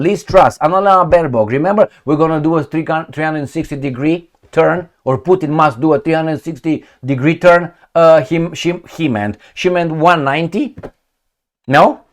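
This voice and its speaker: A man hosting a solo political commentary, talking in an animated, mocking way with frequent restarts. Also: fairly high pitch.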